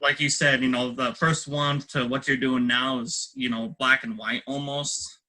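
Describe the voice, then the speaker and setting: A man's voice: mid-range voice, little pitch movement, normal speed, bright, forceful tone, rough recording. A man hosting a podcast interview, asking long, rambling questions full of fillers.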